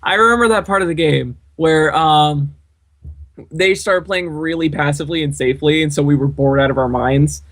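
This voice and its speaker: A man casually commentating over a replay of his team's online game, relaxed, dry and self-mocking. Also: a little high, normal speed. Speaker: gaming channel co-host.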